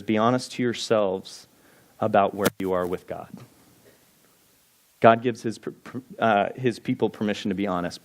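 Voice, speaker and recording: A man giving a sermon as pastor, talking earnestly and conversationally, reading scripture passages aloud. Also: fairly low pitch.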